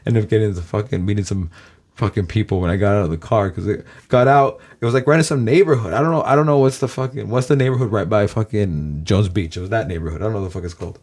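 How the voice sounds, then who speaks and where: A man's voice: fairly low pitch, fast, darkish tone. A man from Los Angeles, a YouTuber, rambling casually to his viewers, swearing constantly and calling them guys.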